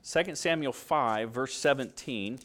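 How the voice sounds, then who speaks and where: A man's voice: mid-range voice, measured pace, fairly bright tone. A middle-aged man teaching a Bible lesson in sermon style, asking rhetorical questions and acting out quoted voices. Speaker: preacher teaching a Bible class.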